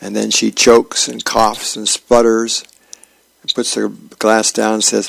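A man reading newspaper comic strips aloud on the radio at a steady pace, acting out the characters. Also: lowish voice, a little slow, vocal fry, dry recording, low-quality recording. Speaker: radio reader.

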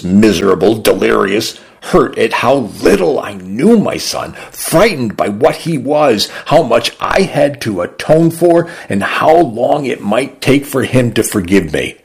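A man with a low, gravelly, husky voice reads fiction aloud for radio. He takes it slowly and deliberately, his pitch rising and falling widely as he tells the story. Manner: slow, deliberate and expressive storytelling. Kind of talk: literary reading for radio.

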